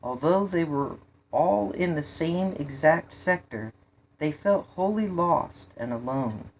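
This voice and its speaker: Low-voiced lady reading a kids story, slow and steady. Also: a little hiss or hum. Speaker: reader.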